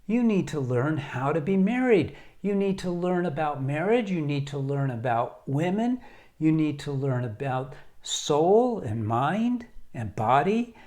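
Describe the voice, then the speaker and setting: Slow, earnest man giving marriage advice. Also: on the high side, big pitch swings, darkish tone. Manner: earnest, direct, deliberate with emphatic pauses. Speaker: marriage coach. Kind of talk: advice monologue to camera.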